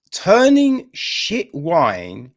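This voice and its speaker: A man's voice: sits high, huge pitch swings, very slow. A man hosting a film review podcast, talking casually in an exasperated, rambling way with lots of fillers and restarts.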